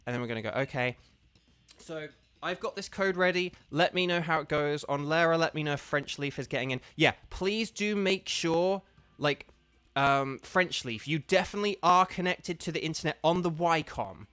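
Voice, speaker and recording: A man's voice: on the high side, normal speed, fairly bright tone, dry recording. A man streaming a game live, patiently explaining steps to his viewers in a casual, chatty way full of fillers.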